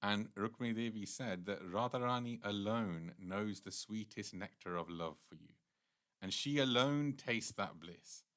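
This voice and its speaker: A man's voice: lowish voice, measured pace, fairly bright tone. A man giving a devotional class, telling a scripture story in an earnest, explanatory way and often restarting his sentences. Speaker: temple speaker.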